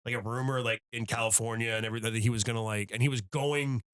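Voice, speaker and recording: A man's voice: medium pitch, quick pace, smooth. A man in his thirties hosting a podcast, chatting casually and rambling with lots of fillers. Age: 30s. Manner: animated, rambling with many fillers. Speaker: podcast host, stand-up comedian. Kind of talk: casual chat.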